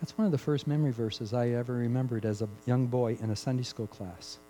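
Mellow-voiced preacher with dramatic dynamics. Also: male voice, medium pitch, fairly even intonation, soft background music, rough recording. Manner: swings between loud emphatic peaks and hushed, drawn-out phrases; repeats key phrases for emphasis. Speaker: pastor. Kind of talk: sermon.

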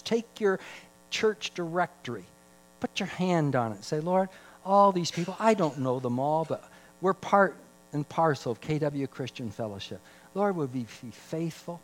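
A man preaching a sermon as pastor, voice climbing for emphasis and dropping low for stories. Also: animated, measured pace, faint music behind, rough recording.

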